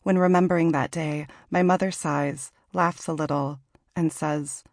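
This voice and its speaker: Low gravelly woman reading memoir. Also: fairly even intonation, no room sound, studio quality. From Washington, Pacific Northwest. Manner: measured, reflective reading. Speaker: author narrating her memoir. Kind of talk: audiobook memoir narration.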